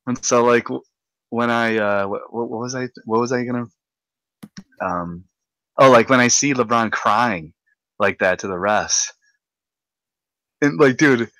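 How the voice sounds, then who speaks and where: A young man hosting a casual podcast, ranting in a rambling, excitable way with lots of repeated words. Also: mid-range voice, measured pace, long pauses, no echo, poor audio. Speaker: podcast host.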